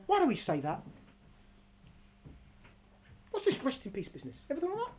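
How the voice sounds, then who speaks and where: A woman gives an animated religious talk and acts out the characters as she tells the story. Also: high-pitched, quick pace, long pauses, rough recording. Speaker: religious teacher.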